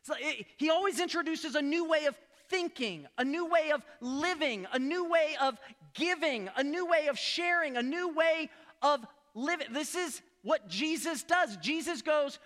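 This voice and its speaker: High-voiced pastor preaching in a reverberant hall. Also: male voice, a little slow. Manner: animated storytelling, acts out quoted dialogue; frequent restarts and repeated words. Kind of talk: sermon.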